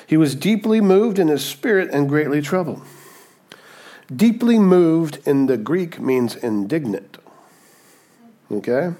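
A man preaching a sermon, dynamic and conversational, rising to emphatic peaks and dropping to hushed moments, often checking in with his listeners. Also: on the high side, slightly rough. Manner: conversational, checks in with "okay?" and "right?". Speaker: pastor.

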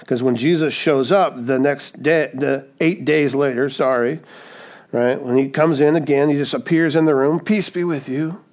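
A man's voice: medium pitch, steady tone, normal speed, darkish tone. A man preaching a sermon as a pastor, in a conversational way, often tagging "right?" and adding light humorous asides.

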